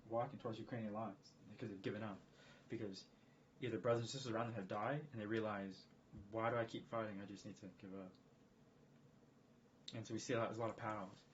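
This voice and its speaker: Rapid, rambling man, lowish voice, dull lo-fi stream audio with faint hiss. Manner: rapid, rambling, repeats himself, emphatic. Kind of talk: casual live-stream monologue.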